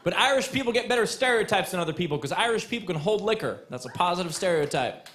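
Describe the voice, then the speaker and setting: A young man performing a stand-up comedy set on a club stage, with quick sarcastic punchlines and asides to the crowd. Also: high voice, lively intonation, fairly bright tone.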